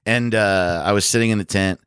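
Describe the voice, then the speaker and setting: A man tells a rambling story in a low, smooth voice, swearing freely and acting out the people in it. The sound is dry and close. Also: brisk, no room sound. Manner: animated storyteller, swears a lot, acts out voices. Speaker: comedian podcast guest. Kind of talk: casual storytelling chat.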